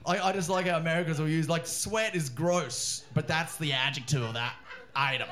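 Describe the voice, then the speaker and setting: A man, a comedian, telling a funny story in a loud, laughing, swearing riff. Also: a little high, normal speed. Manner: animated, laughing, swearing, riffing. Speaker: comedian podcast guest. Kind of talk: comic storytelling.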